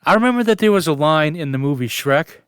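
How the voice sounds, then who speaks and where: A man's voice: fairly high pitch, lively intonation, fast talker, smooth, no echo, clean studio sound. A man in his forties telling a funny family story as a casual vlogger, chuckling and fighting back laughter. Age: 40s.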